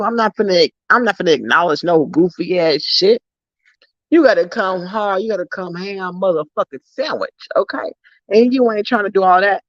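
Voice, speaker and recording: A woman's voice: mid-range voice, fairly quick, dry recording. Female streamer, confrontational profane rant to chat, dull dry lo-fi audio. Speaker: YouTuber livestream host. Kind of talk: ranting to livestream viewers.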